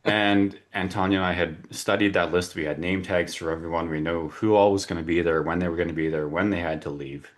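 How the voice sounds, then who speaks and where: A man with a deep, steady voice hosts a webinar over a video call, speaking briskly with hardly any pauses. His casual introduction is chatty, full of fillers and restarts.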